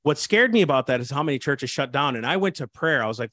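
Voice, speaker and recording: A man's voice: medium pitch, lively intonation, quick pace, hardly any pauses, pushed and bright, dry recording, clean studio sound. A man who is an assistant pastor, speaking fervently and preachily in an interview, often restarting his sentences. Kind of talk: impassioned interview talk.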